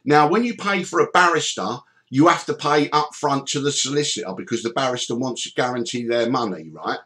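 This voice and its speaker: A middle-aged man hosting a podcast, telling stories in an animated way, swearing freely and acting out the people he quotes. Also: medium pitch, fairly quick. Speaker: podcast host. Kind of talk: storytelling chat.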